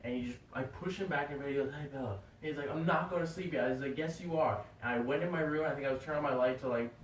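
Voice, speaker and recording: A young man talks fast and rambles through a story, jumping into the voices of the people in it. He sits some way back from the mic, so the sound is roomy and echoey, with a faint hiss underneath. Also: medium pitch. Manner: rambling, animated, acts out quoted voices. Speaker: podcast co-host. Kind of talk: casual storytelling chat. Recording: echoey room, far from mic, faint noise.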